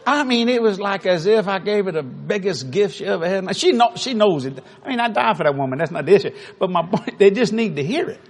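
A man's voice: high-pitched, fairly quick, few pauses. A man preaching a humorous sermon in a large auditorium, telling a folksy story and laughing through his words. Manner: animated, often laughing mid-sentence, folksy. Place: large auditorium before thousands.

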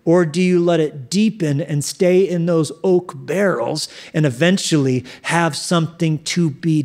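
A man preaching a sermon in an animated, joking way, acting out quoted inner voices. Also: on the high side. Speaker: pastor.

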